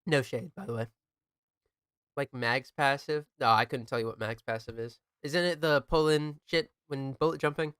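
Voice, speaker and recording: A young man chats casually while streaming a game, laid-back, joking and swearing often. His voice is mid-range and a bit bright, clear and resonant, at a normal speed. The studio-quality recording has no echo.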